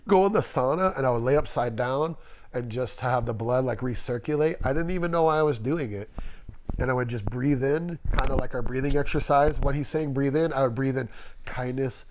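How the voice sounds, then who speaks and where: A man's voice: medium pitch, darkish tone. A middle-aged man, a tattoo artist guest, telling long, rambling stories in a casual interview and acting out the people he quotes.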